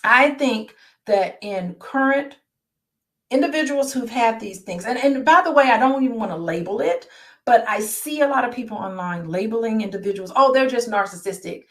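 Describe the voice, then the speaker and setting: Woman therapist, slightly high pitch, reads a book aloud and talks it through, friendly check-ins with the audience. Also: lively intonation, moderate pace. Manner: conversational, checks in with listeners. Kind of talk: reading a book aloud and commenting.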